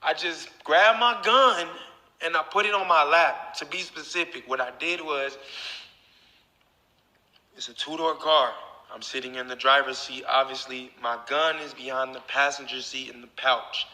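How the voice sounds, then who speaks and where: A man with a piercingly bright voice, pitched a touch high, tells his viewers a story in loose, swear-heavy talk. His voice rings out with a long echo, as if he is filming in a reverberant room. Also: moderate pace. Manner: profane, talks straight to viewers. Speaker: YouTuber. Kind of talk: casual storytelling to camera.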